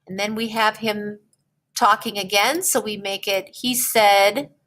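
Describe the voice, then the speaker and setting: A woman teacher explaining a writing lesson in a slow, patient way, often checking in with "okay?". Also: mid-range voice, steady tone, a bit bright.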